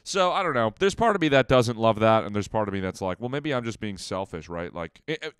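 A man's voice: fairly low pitch, animated, a little fast, a bit bright, smooth, no room sound, clean studio sound. A young adult man, a comedian, talking in a casual rambling vlog monologue full of fillers and self-doubt.

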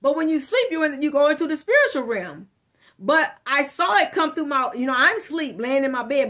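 A high-pitched woman reads tarot in a loose, casual monologue. She talks to her listener directly, heavy on slang and cursing, and she leans hard on her points. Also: fairly bright tone. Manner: blunt, profane, slangy; emphatic, addresses listener directly. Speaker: tarot reader.

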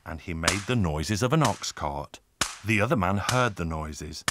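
A man narrating a folk tale in a storybook style, with lively delivery. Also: measured pace, noisy background. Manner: lively, voices each figure with raised pitch. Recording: folk fiddle music behind.

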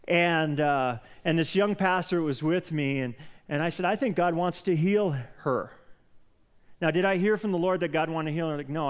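A man preaching from a church pulpit, telling a story with animated energy. His voice sits a little on the high side, and it rises sharply and loudly whenever he quotes someone praying. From Colorado. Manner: storytelling, animated, rising loud when quoting prayer. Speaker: pastor. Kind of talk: sermon. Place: church sanctuary.

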